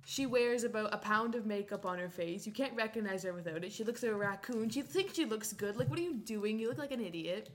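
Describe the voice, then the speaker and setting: A woman's voice: medium pitch, animated, a little fast, hardly any pauses, slight background noise. A young woman, a podcast guest, ranting in indignant casual chat.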